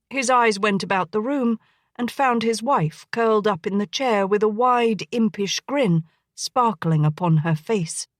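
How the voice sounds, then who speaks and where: Lady narrating an audiobook, even and gentle, mid pitch, super dry close mic. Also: no room sound. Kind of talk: scripted narration.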